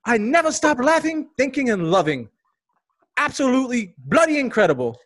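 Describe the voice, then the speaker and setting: A cheery male podcast fan in a put-on Australian accent, voiced by a man. The voice is pitched far above his usual talk and swings wildly. The delivery is sing-song and over the top. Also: big pitch swings, moderate pace, fairly bright tone, exaggerated voice. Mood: chirpy.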